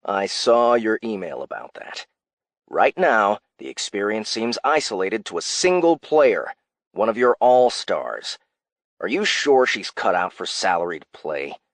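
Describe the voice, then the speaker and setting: A man's voice: fairly low pitch, sing-song, a little slow, a bit bright, no room sound, exaggerated voice. An actor voicing a smug, dismissive male company CEO who talks down to his staff with sarcasm. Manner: sarcastic, condescending.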